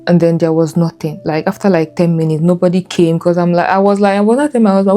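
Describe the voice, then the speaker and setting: A woman's voice: lowish voice, fairly even intonation, fast, hardly any pauses, dark tone. A woman telling her own birth story in candid, earnest storytelling, repeating herself as she recalls it.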